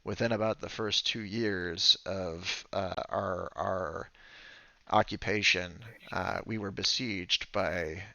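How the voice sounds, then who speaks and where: A man voicing the calm, firm male leader of a secret faction on a ship, speaking in a measured, halting way. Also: sits low, vocal fry, no echo, dull audio, full character voice. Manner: measured, halting, with many fillers.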